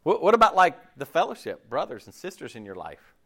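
A man preaching a sermon in an animated way, checking in with his listeners often. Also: on the high side, brisk. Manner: animated, acts out quoted voices, checks in with "right?" and "okay?".

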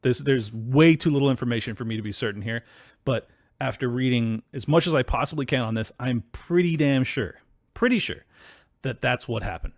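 A man hosting a solo political podcast, ranting in a heated, profane, combative way that breaks into yelling. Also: medium pitch, brisk, no echo, studio quality. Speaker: podcast host.

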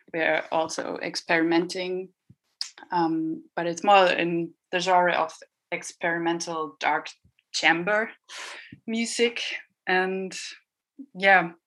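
A woman cellist introducing herself in an interview, unhurried and pausing to find her words. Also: on the low side, fairly bright tone. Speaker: cellist guest. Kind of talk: casual interview answers.

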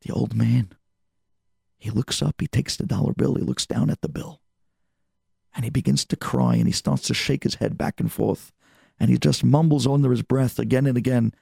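Very gravelly male storyteller. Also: mid-range voice, normal speed, a little mellow, no room sound, clean studio sound. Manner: dramatic, emotive narration. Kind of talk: religious storytelling.

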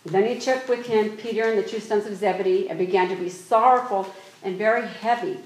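A woman preaching a sermon, reading scripture aloud slowly and exhorting her congregation earnestly. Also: medium pitch, steady tone. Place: church. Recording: echoey room with faint noise.

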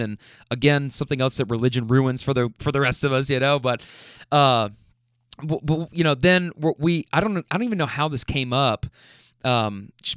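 A man casually telling a funny anecdote, animated and often laughing as he mimics the people in it. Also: mid-range voice, no room sound, clean studio sound. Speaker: storyteller recounting a rideshare trip.

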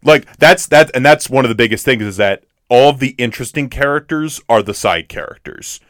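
A man co-hosts a podcast, chatting casually about a film in a rambling way, full of fillers and restarts. His voice is mid-range, animated and fairly bright, and he talks a little fast. The studio recording is clean, with no room sound.

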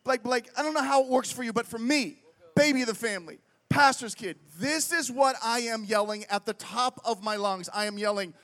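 A middle-aged man from Pittsburgh preaches in a bright, fairly high voice, telling a funny story from the festival stage. He keeps checking in with the crowd and peppers his talk with "like" and "right?". His voice rings out with a long echo off a big hall. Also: fairly quick. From Pittsburgh, United States. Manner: animated, quizzes the crowd with frequent questions, many fillers. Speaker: festival speaker. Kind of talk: humorous storytelling sermon. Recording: long reverb from a large venue.

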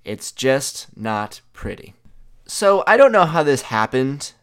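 A young man casually telling an animated story, chatty and full of "like" fillers. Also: mid-range voice, slow, clean tone.

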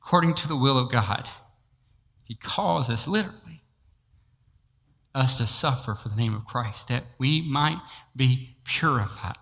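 A man's voice: medium pitch, expressive, unhurried, long pauses, fairly bright tone. A man preaching a sermon who tells a personal story, acts out the dialogue and laughs often. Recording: long reverb of a large hall.

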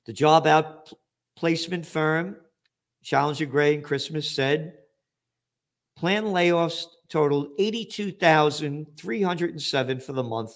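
An older man from the Bronx, hosting a news commentary show in a profane, combative manner that breaks into shouting. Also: fairly high pitch, unhurried. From the Bronx, New York. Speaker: host of a trends news show.

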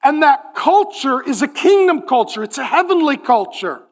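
Forties male pastor, high voice, lively joking preacher in a church sermon. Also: moderate pace. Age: 40s. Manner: animated, joking, acts out voices in quotes.

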